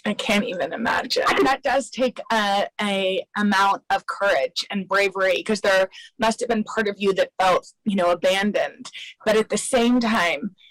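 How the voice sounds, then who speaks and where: A woman host interviewing a guest, asking sympathetic questions and giving soft prompts. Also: medium pitch, moderate pace, no room sound, poor audio.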